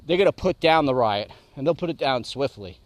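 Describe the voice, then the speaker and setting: A man co-hosting a political talk radio show, talking in a measured way and often chiming in with short agreements. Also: mid-range voice, lively intonation, no echo.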